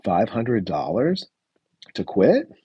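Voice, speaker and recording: Young guy with a deep husky voice, rambly live review chat, dry close sound. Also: wildly swooping pitch, slow pace, no echo, muffled recording. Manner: rambling, many fillers, reads live chat. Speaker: show reviewer, live stream host.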